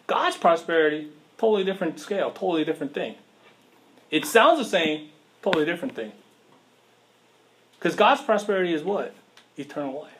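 A man delivers a sermon in a relaxed, conversational style, tossing rhetorical questions to his listeners and leaning on everyday slang. His voice sits a little higher than most men's. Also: a little hiss or hum. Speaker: preacher.

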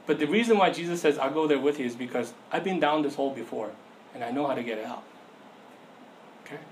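A man's voice: mid-range voice, a little fast, low-quality recording. A young man giving a casual sermon as a youth pastor, telling a story and acting out the voices in it. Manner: conversational storytelling, acts out voices in anecdotes. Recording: faint background noise.

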